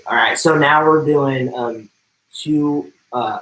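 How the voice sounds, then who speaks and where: A breathless personal trainer coaches a livestream workout, calling out intervals and form cues and joking a little. The voice is mid-range, unhurried and fairly bright, recorded from a distance in a roomy space.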